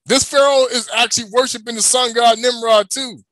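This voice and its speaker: A man's voice: extremely high pitch, fairly even intonation, normal speed, fairly bright tone, no echo. A man preaching, emphatic, asking rhetorical questions and answering them himself. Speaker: religious teacher. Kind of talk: preaching to an online audience.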